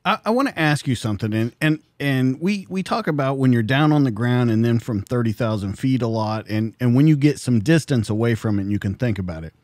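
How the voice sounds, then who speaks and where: A man's voice: mid-range voice, animated, fairly quick, few pauses, darkish tone, no room sound, studio quality. Thoughtful male podcast host asking questions. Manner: thoughtful, probing. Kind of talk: interview questions. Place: studio.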